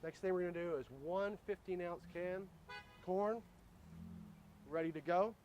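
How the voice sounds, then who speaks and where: Casual grill host, male, slightly higher voice, joking and chatty, faint outdoor noise behind. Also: steady tone, a little slow, pauses often, a little mellow. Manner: joking, chatty, addresses viewers as guys. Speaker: grill cooking show host. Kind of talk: casual cooking demo.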